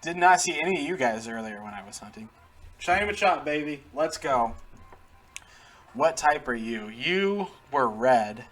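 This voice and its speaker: A man's voice: medium pitch, lively intonation, moderate pace, a bit bright, soft background music. A man casually commenting while he plays a video game, chatty, laughing often and talking to the characters on screen. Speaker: gaming channel host. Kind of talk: casual let's-play commentary.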